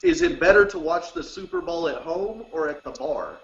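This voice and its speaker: A man's voice: a little high, huge pitch swings, moderate pace, vocal fry. A man co-hosting a casual comedy podcast, reading out listener questions and laughing often. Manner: reads questions out, laughs a lot. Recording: roomy, dull lo-fi mic.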